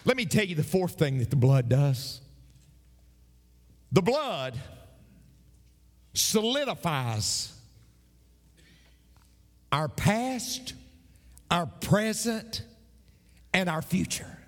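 A male pastor delivering an emphatic sermon, with dramatic pauses and repeated phrases. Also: high voice, very animated, big-room sound.

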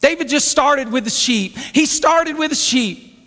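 A man preaching a sermon in an animated, conversational storytelling way. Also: very high-pitched, a little slow. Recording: long hall reverb.

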